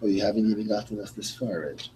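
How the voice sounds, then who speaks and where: A man's voice: fairly low pitch, fast, noisy background. A man co-hosting a live fight-night radio show, chatting casually in a rambling way with many fillers. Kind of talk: casual play-by-play chat.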